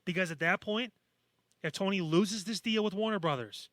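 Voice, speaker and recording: A man's voice: high-pitched, normal speed, fairly bright tone, no room sound, clean studio sound. A man co-hosting a podcast in casual chat, blunt and sarcastic, with frequent swearing. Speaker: podcast co-host.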